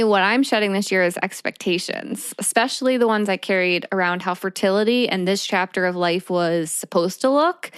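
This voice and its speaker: A woman in her thirties co-hosting a podcast, sharing personal reflections in a calm, measured way. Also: medium pitch, clear, resonant tone, no echo, clean studio sound. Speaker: podcast co-host. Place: small indoor room.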